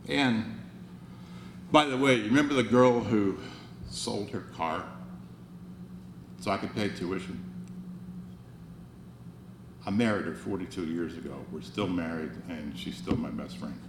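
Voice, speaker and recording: A man's voice: low-pitched, a little slow, pauses often. A man in his sixties giving a motivational speech at a banquet, earnest and wry, often restarting his phrases. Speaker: banquet speaker. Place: banquet hall. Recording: roomy hall, faint noise.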